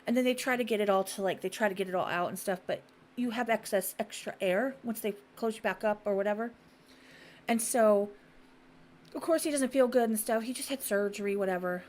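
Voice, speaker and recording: A woman's voice: mid-range voice, a little fast. A woman hosting a casual podcast, telling a story bluntly and profanely, acting out the voices of the people in it. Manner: animated storyteller who acts out quoted voices. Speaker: podcast host.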